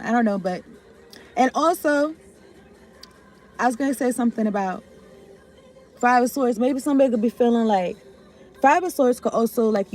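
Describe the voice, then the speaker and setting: A woman reads tarot in a loose, rambling way, swearing freely and trailing off mid-thought. Her voice sits a little high but sounds mellow and warm rather than bright. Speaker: tarot reader. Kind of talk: casual tarot reading.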